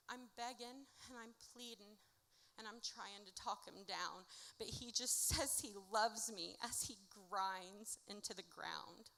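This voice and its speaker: Female poet, live stage reading, bright and ringing tone, rhythmic rhyming delivery, long hall reverb. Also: medium pitch, takes it slowly, creaky, few pauses. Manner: rhythmic rhyming delivery, swinging between loud and hushed. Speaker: poet performing her own work. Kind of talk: live spoken word performance. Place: theatre stage.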